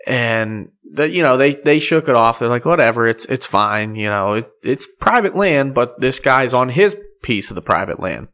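A man's voice: mid-range voice, lively intonation, normal speed, hardly any pauses, fairly bright tone. A man, a podcast host chatting casually and laughing often. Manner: laughs often, friendly commentary. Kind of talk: casual chat.

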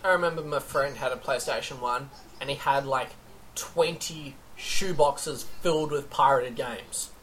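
A woman's voice: rumbling low, unhurried, slight background noise. A woman in casual chat about video games, brash and teasing, swearing freely.

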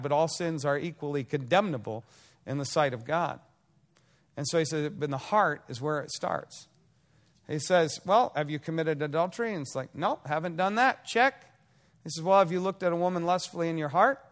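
A man preaching a sermon as pastor, speaking in a conversational way with frequent restarts and playful acted-out asides. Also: a little high.

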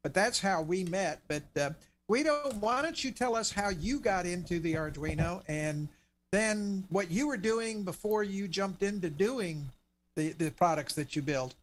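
A man's voice: high-pitched, lively intonation, measured pace, a little hiss or hum. A man co-hosting a radio segment, chatting in a friendly, casual way. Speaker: co-host, author.

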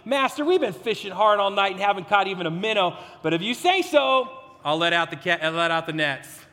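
A man's voice: sits high, animated, brisk, sharp tone, big-room sound. A man voicing a weary, grumbling fisherman with a sarcastic, exasperated edge.

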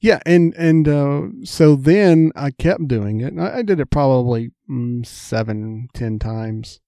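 A man's voice: medium pitch, expressive, slow pace, dark tone, no room sound, studio quality. A man, chatting casually and telling rambling stories, acting out the voices of people in them. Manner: rambling anecdotes, acts out quoted voices. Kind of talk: casual chat, storytelling.

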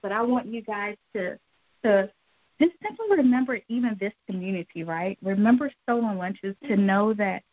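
A woman's voice: mid-range voice, expressive, moderate pace, no echo, dull audio. A middle-aged woman giving an earnest, encouraging devotional talk, repeating phrases for emphasis. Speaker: devotional speaker.

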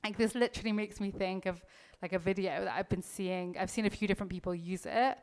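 A woman's voice: mid-range voice, fairly even intonation, fast. Chatty woman coaching with emphatic energy. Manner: chatty, heavy use of "like", occasional swearing; emphatic, coaching directly to the listener. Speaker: mindset coach. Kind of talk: casual motivational podcast talk.

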